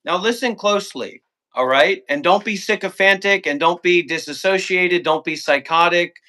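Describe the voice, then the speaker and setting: A man with a high, piercing voice rants on a livestream, swearing freely and hammering his points home. He stacks demand after demand in long insistent lists, never giving ground. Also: moderate pace, bright, forceful tone. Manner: profane, confrontational and insistent; repeats commands in long lists. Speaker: call-in guest. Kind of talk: heated livestream argument.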